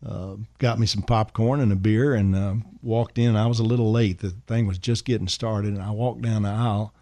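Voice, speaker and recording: A man's voice: lowish voice, steady tone, normal speed, warm tone, no echo. An older man, a songwriter, telling a rambling anecdote on a radio show in an easygoing way, full of fillers and "man". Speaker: songwriter and guest. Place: radio studio.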